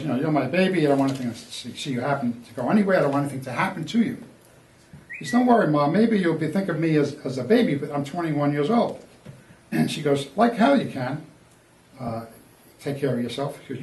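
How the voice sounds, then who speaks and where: An older man in his seventies from Long Island, an author giving a conversational book talk at a historical society, retelling family dialogue with frequent asides. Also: mid-range voice. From Long Island, New York. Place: local historical society meeting room. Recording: roomy, distant mic.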